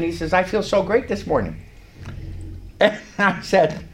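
A man's voice: high voice, animated, slow pace, long pauses, fairly bright tone, slight background noise. An older man preaching a sermon in a church, telling a story with emphatic, rising lines. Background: congregation responding.

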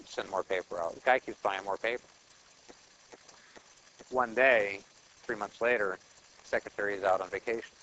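A man with a quite low voice delivers a sermon in a casual, conversational way. He tells his points as everyday stories and drives them home with short, repeated exhortations. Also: a bit bright, muffled recording, slight background noise. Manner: storytelling, acting out dialogue in plain voice; repetitive, exhortative phrasing. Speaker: preacher.

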